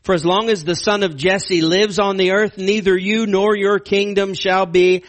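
A man voicing an angry ancient king who mocks and insults his son in a loud, raised, scornful tone. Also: sits high, steady tone, moderate pace, pitched above the performer's own voice, natural voice. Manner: shouting, mocking insults. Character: furious scornful ancient king, male, older.

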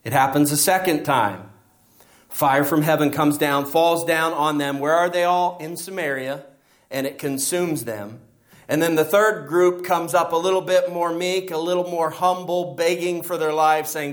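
A man preaching a sermon, reading scripture aloud and explaining it with lively rhetorical questions. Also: fairly high pitch, moderate pace. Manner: animated Bible teaching with rhetorical questions.

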